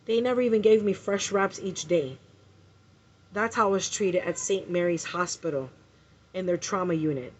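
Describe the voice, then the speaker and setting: A woman's voice: lowish voice, moderate pace. A woman telling an angry story in a vlog, swearing and repeating herself as she vents. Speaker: vlogger. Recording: muffled lo-fi recording.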